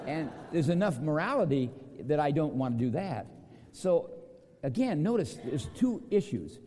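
A man preaching a sermon, telling a parable and acting out the quoted lines as he goes. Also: moderate pace. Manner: storytelling with acted quotes, lively pitch swings. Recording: long hall reverb.

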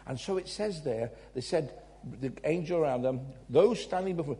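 A man from England, preaching a sermon and telling personal stories, swinging between loud emphasis and quiet asides. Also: a little high, big pitch swings, moderate pace.

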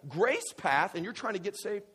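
A man preaching in a church, his voice slightly husky and pitched a bit high for a man. He talks with his congregation in a conversational way, moving between quiet asides and fired-up exclamations. The melody of his speech is very lively. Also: moderate pace. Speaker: pastor. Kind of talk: sermon.

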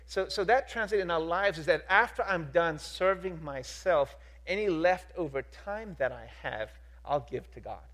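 A man preaching a sermon as pastor, emphatic and repetitive, asking rhetorical questions and swinging from soft to loud. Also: sits high, expressive, normal speed.

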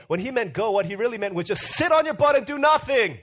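High-voiced casual male preacher. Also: lively intonation, fast, fairly bright tone. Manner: storytelling with playful acted-out quotes and many fillers. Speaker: pastor. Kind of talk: casual sermon.

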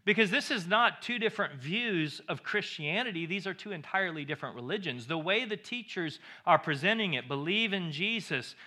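A man preaching a sermon with a high, ringing voice. He is an emphatic pastor who drives points home by repeating his phrases. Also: pushed and bright.

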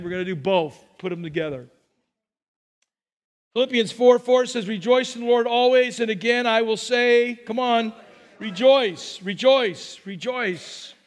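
A man preaching a sermon as pastor, talking to the congregation in a conversational way and asking rhetorical questions. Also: high-pitched. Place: church sanctuary.

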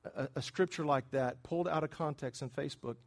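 A man preaching a sermon in a conversational way, often quizzing his congregation and swinging between hushed asides and loud emphatic bursts. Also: on the high side, a little fast. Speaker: pastor.

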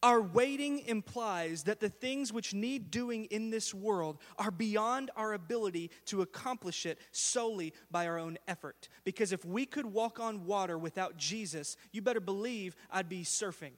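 Male pastor, high-pitched, animated storyteller, recorded in a big echoing hall. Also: normal speed, hardly any pauses. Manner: storytelling, building to loud animated exclamations. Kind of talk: sermon.

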